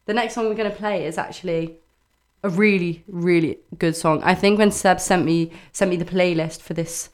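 A woman's voice: lowish voice, fairly even intonation, moderate pace. A young woman co-hosting a radio show in casual chat, talkative and giggly, with lots of "like". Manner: chatty and giggly, full of "like".

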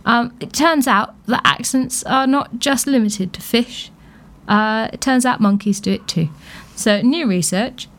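A woman's voice: a little high, measured pace, a bit bright. A British woman hosting a radio show, chatting casually about science news with amused asides and lots of fillers. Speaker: radio host.

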